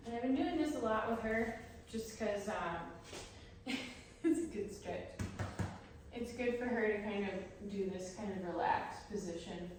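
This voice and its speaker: A woman dog trainer explaining her methods while she works with a dog, breaking off to praise it in a high voice. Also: lively intonation, moderate pace, pauses often, very echoey, recorded from a distance, a little hiss or hum, rough recording.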